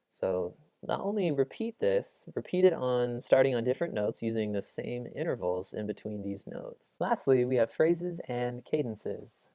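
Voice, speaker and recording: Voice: mid-range voice, warm tone, no room sound. A music teacher explaining melodies and cadences, breaking into sung solfege syllables to demonstrate. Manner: explains patiently, then sings solfege syllables aloud. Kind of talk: classroom lesson with sung solfege.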